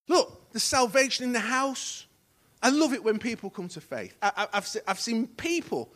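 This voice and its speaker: A middle-aged man preaching a sermon as associate pastor, telling stories and acting out the dialogue, going from hushed to loud. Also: high voice, sing-song, normal speed. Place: church hall.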